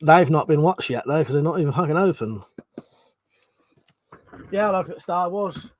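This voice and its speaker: A man's voice: a little high, expressive, moderate pace. A man hosting a live stream, chatting loosely, swearing casually and reading out chat messages from home. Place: home room.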